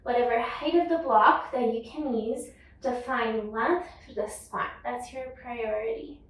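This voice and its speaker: A woman guides a yoga class in a slow, measured voice, pitched a little high. She sits back from the microphone in a strongly echoing room. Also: recorded from a distance, a little hiss or hum. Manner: calm, unhurried cueing of breath and movement. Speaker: yoga teacher. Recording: echoey room, voice off-mic.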